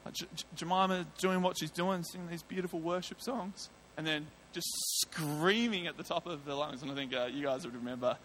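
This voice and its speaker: A man's voice: a little high, fairly quick, hardly any pauses, slight background noise. Australian male preacher telling a testimony. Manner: lively storyteller acting out his own thoughts. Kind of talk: sermon testimony.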